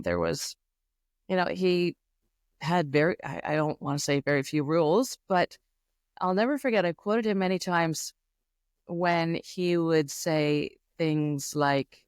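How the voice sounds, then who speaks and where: A middle-aged Canadian woman with a Canadian accent, a podcast guest telling family stories in a thoughtful, unhurried way with many fillers. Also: lowish voice, expressive, dry recording, clean studio sound. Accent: Canadian English. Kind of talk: reflective interview storytelling.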